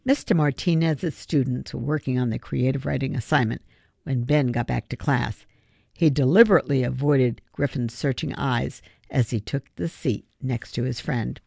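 A narrator reading a children's novel aloud in a steady, measured way. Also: medium pitch, creaky, no echo, clean studio sound. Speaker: audiobook narrator. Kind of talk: audiobook narration.

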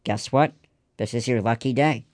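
A man's voice: mid-range voice, normal speed, a little mellow, dry recording, studio quality, close to an everyday voice. A man reading the lines of a cheerful, bragging little boy in a storybook.

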